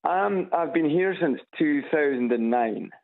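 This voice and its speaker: A Scottish man calling in to a radio show on a speakerphone, speaking slowly and plainly. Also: on the high side, expressive, creaky. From Scotland. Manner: slow, deliberate, plain-spoken. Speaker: caller. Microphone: phone on loudspeaker. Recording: tinny phone line on speaker.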